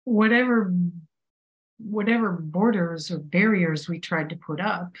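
A woman with a fairly low voice gives a reflective spiritual talk. She speaks unhurriedly, pausing often and filling gaps with soft fillers as she thinks aloud. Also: poor audio. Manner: unhurried, many pauses and fillers. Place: Paris.

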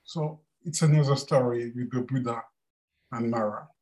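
A man telling a story to a group in a hesitant, unhurried way. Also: medium pitch, darkish tone. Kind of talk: casual storytelling.

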